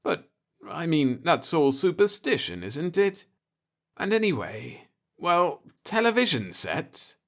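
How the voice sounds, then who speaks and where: A man's voice: on the high side, very animated, takes it slowly, pitched above the performer's own voice, full character voice. A man voicing an older, timid homeowner who speaks in a hesitant, mild and apologetic way. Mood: worried.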